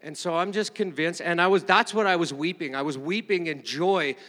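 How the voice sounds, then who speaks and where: Rambling pastor preaching in an echoing hall. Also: male voice, on the high side, normal speed, a bit bright. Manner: rambling, conversational, with many fillers and restarts. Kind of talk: informal sermon. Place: church meeting room. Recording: long reverb of a hall.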